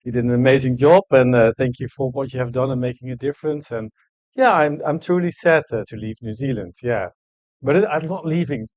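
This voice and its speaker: Dutch-native man, halting, dry room. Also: medium pitch, darkish tone, dry recording. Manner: halting, many fillers and restarts. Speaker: ambassador. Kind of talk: fireside chat interview. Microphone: no microphone, room.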